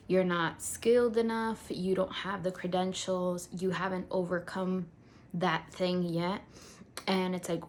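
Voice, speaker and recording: A woman's voice: lowish voice, a little mellow, slight background noise. A young adult woman speaking in a casual faith vlog, telling a personal story in a conversational way with lots of filler words. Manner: conversational, many "like" fillers, acts out quotes. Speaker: faith vlogger.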